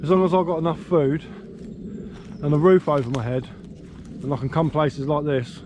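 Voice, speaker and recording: A man's voice: a little high, steady tone, normal speed. An English man vlogging while walking in woodland, rambling easily about nature, with a slight slur from a missing tooth. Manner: chatty, rambling, easygoing. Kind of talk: casual outdoor vlog. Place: woodland outdoors. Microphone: handheld camera. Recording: faint outdoor noise, birdsong.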